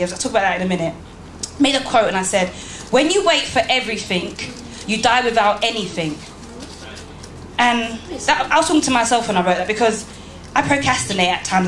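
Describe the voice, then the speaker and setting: A woman's voice: fairly high pitch, a little hiss or hum. A woman giving a motivational speech to a live audience in a church hall, emphatic and firing rhetorical questions at the crowd. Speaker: motivational speaker. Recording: roomy hall, faint background ambience.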